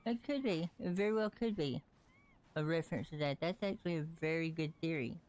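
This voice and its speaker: Chatty streamer on a casual live gameplay stream, mid-pitched voice, rambles a lot. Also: brisk, a little mellow, slight background noise. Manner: rambling, chatty, talks to characters in the game and to viewers. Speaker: livestreamer.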